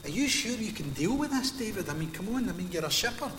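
A man's voice: high-pitched, very animated, quick pace, background noise, voice pushed up. A Scottish man voicing King Saul as a doubtful, reluctant older ruler, recorded in an echoey hall. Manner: doubtful, skeptical. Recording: echoey hall with long reverb.

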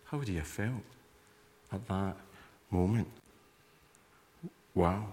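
A man's voice: low-pitched, slow, long pauses, dark tone. A male preacher giving a sermon in a conversational manner, inviting listeners to imagine themselves in the scene. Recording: long hall reverb.

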